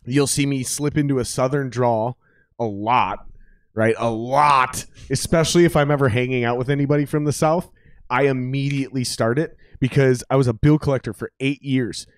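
Profane, animated Midwestern storyteller man. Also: medium pitch, normal speed, no room sound, studio quality. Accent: Minnesotan. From Minnesota. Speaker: podcast host. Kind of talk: casual podcast chat.

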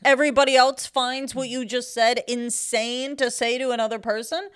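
A woman's voice: on the high side, fairly even intonation, normal speed, smooth. A young woman co-hosting a podcast, chatting casually, exasperated in her stories and playfully goofy. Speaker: podcast co-host. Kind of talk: casual chat.

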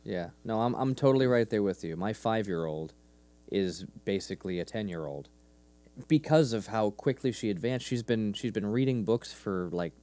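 A man in his thirties co-hosting a podcast in easygoing chat. His pitch moves around a great deal as he tells the story, and his tone is mellow. He slips into little quoted voices for the characters. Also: moderate pace. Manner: animated, acts out quoted lines. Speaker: podcast co-host. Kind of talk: casual chat.

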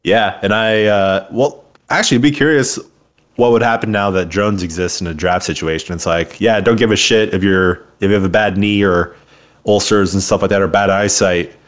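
A man's voice: fairly low pitch, fairly even intonation, moderate pace. A man in his twenties co-hosting a podcast, joking and sarcastic in casual banter. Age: 20s. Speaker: podcast co-host.

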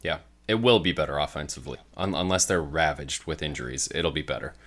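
A man with a very low voice and a bright, forceful tone, co-hosting a casual sports podcast. He talks in a loose, chatty way and laughs easily. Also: fast. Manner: relaxed, chatty, laughs often. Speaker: podcast co-host.

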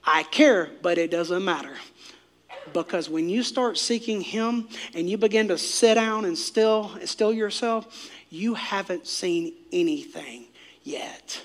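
Male pastor, high bright voice, preachy sermon delivery, loud-to-whisper swings. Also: slow. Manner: swings from shouting to hushed near-whispers; preachy, direct address to congregation.

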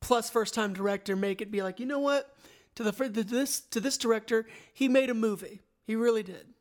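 A woman co-hosting a casual movie review podcast, joking and quick to interject. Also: fairly high pitch, fairly even intonation, a little mellow. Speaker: podcast co-host.

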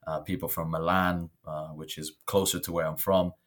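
A man's voice: deep voice, moderate pace. A young Italian man, whose first language is Italian, telling stories about his life in a casual interview. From northern Italy. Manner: storytelling, animated when quoting others. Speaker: guest.

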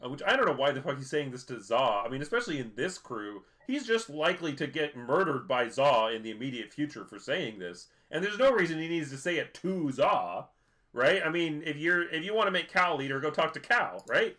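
A man's voice: on the high side, big pitch swings, a little fast, sharp tone. A man co-hosting a podcast, casually recapping an episode in a rambling way, with lots of fillers and restarts. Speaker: podcast co-host.

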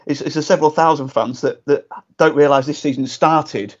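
Male panelist, rapid and stammering, muffled call audio. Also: a little high, fairly even intonation. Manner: stumbling, repeats himself. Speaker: podcast panelist. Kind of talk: casual football podcast chat.

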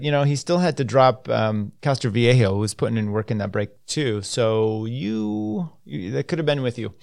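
A man hosts a relaxed solo podcast at a close mic. He drifts between reading news items and offhand commentary, full of fillers and restarts. The recording is dry and close, with his voice at an ordinary middle pitch. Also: gravelly, clean tone, no room sound. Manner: loose and rambling, many fillers, offhand asides. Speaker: podcast host.

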